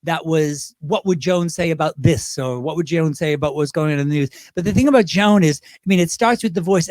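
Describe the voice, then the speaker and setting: A man chatting as a guest on a talk show, animated and chatty, with lots of restarts and asides. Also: fairly high pitch, a little fast, few pauses, dry recording, clean studio sound. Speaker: guest, drag performer. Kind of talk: casual interview chat.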